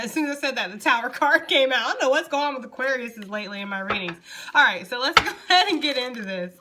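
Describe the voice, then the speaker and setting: A woman's voice: medium pitch, bright, forceful tone. A woman giving a casual tarot reading, blunt and profane, laughing often as she talks. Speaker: tarot reader.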